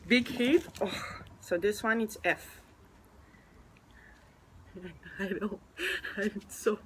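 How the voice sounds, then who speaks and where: Woman vlogger, slow and high-voiced, gasping and gushing, noisy home recording. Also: a bit bright. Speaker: vlogger unboxing an album. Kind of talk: excited unboxing vlog.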